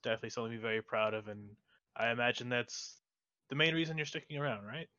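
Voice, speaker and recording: A man's voice: mid-range voice, fast, bright, forceful tone, dry recording, highs cut off, natural voice. A man voicing a polite, courteous male owner in a tabletop game, speaking formally and reassuringly.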